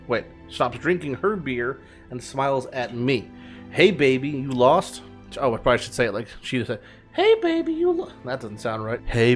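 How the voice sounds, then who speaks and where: Joking man streaming a text adventure. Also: medium pitch. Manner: joking, swearing, reads game text aloud. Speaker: game streamer. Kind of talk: casual gameplay commentary.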